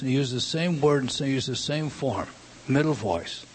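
A man preaching a sermon, emphatic and repetitive, swinging from hushed asides to loud declarations. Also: medium pitch, moderate pace, breathy edge.

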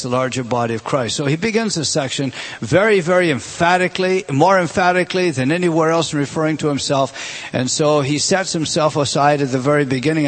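A man giving an expository Bible teaching, earnest, repeating and stressing key phrases as he explains a passage. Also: medium pitch. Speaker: preacher.

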